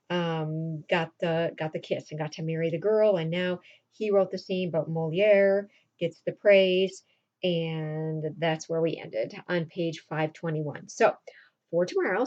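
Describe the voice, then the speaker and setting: Woman teacher retelling a play, dark voice. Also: lo-fi sound. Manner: acts out characters' lines with raised pitch. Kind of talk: retelling a play's plot for a class.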